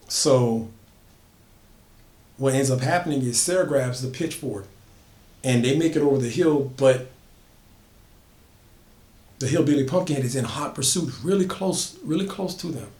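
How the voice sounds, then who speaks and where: A man's voice: mid-range voice, darkish tone. A man casually telling an original horror story, building emphasis by repeating phrases. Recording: echoey room.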